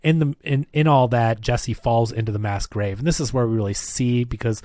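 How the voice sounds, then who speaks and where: A man talking through a movie with a co-host, mid-pitched and animated, jumping between his opinions and quick recaps of scenes. The sound is dry and close, with no room around him. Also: no room sound. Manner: animated, acts out scenes with quoted voices. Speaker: film review podcast co-host. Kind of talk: casual movie discussion.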